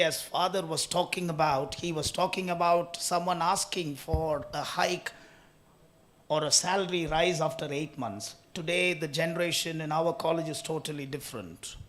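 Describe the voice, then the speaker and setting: A hoarse man giving a speech at a summit in a college hall, emphatic and building in force as he tells stories. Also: a little high, fairly even intonation, moderate pace, a bit bright. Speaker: speaker at an HR summit. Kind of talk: conference speech.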